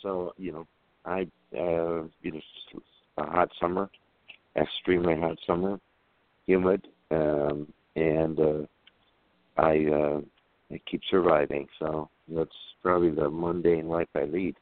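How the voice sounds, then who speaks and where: A man calling in to read his poem on the radio, halting and hesitant in speech, over a tinny phone line. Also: rumbling low, little pitch movement, no echo. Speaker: caller reading a poem. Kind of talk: casual chat then poetry reading.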